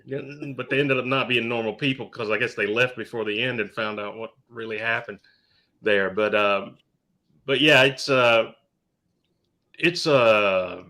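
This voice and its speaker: A man co-hosting a podcast, chatting casually with a halting, joking manner. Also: on the low side, bright, forceful tone. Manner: halting, restarts a lot, joking. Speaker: podcast co-host. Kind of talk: casual chat.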